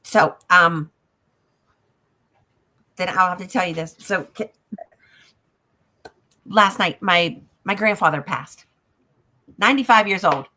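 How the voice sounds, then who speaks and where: A woman telling a personal dream story in a casual chat, halting and emotional, dropping softer at times. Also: lowish voice, slight background noise.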